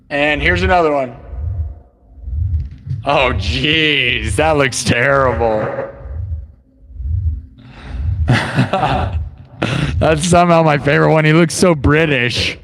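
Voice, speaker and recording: Slow-talking amused male streamer. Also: on the high side, gravelly, a bit bright, long reverb tail. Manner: amused, chatty, talking to viewers. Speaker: livestream host. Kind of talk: casual livestream commentary.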